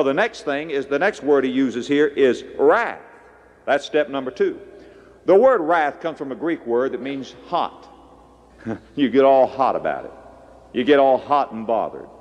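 A man preaching a sermon, swinging between hushed low lines and loud high bursts. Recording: long echo of a large hall.

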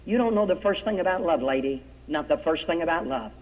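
A man with a high voice preaches revival, telling stories with drama and sinking quiet on the words he wants to land. The sound is dull and lo-fi. A long church-hall echo trails his lines. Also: animated, fairly quick. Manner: dramatic storytelling, drops low and soft on key words, quotes old-style scripture. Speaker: evangelist preacher. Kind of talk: revival sermon with storytelling.

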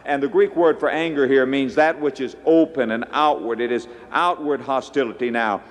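Dramatic preaching man in an echoing hall. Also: mid-range voice. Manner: dramatic preaching with sudden swings between hushed and loud. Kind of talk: sermon. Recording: long echo of a large hall.

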